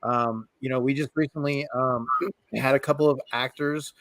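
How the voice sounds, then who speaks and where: A male host of a casual livestream interview, speaking at a middle pitch. He rambles, filling gaps and clearing his throat as he goes. The sound is dry and close. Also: fairly even intonation, normal speed, a bit bright, no echo, low-quality recording. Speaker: show host.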